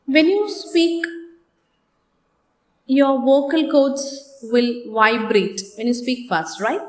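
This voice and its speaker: High-voiced woman teaching in an echoey room. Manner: slow, deliberate explanations with repeated examples and checking questions. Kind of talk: classroom lecture.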